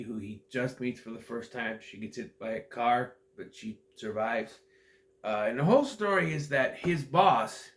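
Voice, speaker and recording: Male movie reviewer, mid-pitched voice, loose meandering recap delivery. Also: fairly bright tone. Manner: rambling, meandering, often loses his thread.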